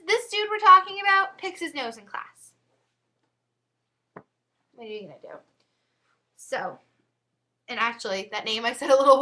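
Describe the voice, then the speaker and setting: A woman's voice: fairly high pitch, pushed and bright. A teenage girl chatting casually to her webcam at home, giggly and full of asides. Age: teens. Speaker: vlogger.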